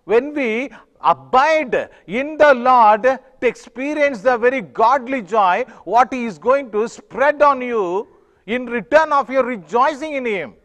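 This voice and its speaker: A pastor preaching a sermon in a halting way, with many fillers and restarts. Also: male voice, very high voice, animated, a bit bright, in a large hall.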